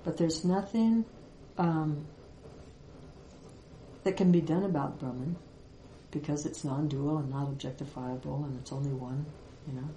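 Woman spiritual teacher, low and mellow, reflective and pausing, recorded in a roomy space with faint background noise. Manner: reflective, with many pauses and fillers. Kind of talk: Vedanta teaching talk.

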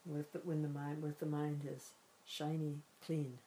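A woman giving a spiritual teaching talk, gentle and reflective, often pausing to rephrase as she explains. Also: low-pitched, monotone, slight background noise, low-quality recording. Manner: gentle, reflective, repeats and rephrases while searching for words. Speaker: meditation and Vedanta teacher.

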